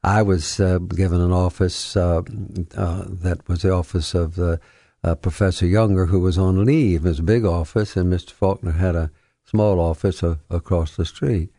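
An older man, a retired history professor telling anecdotes as a radio guest, halting with fillers. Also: sits low, fairly even intonation, mellow, dry recording, clean studio sound. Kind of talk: radio interview storytelling. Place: radio studio.

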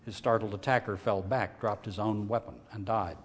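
A man reading a novel aloud in a measured, steady way, lifting his voice when characters shout. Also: on the low side, in a large hall. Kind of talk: audiobook reading.

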